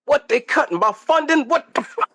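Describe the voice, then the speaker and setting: A man putting on the voice of an indignant man griping about funding cuts, in a mock-outraged, squeaky tone. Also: expressive, moderate pace, fairly bright tone.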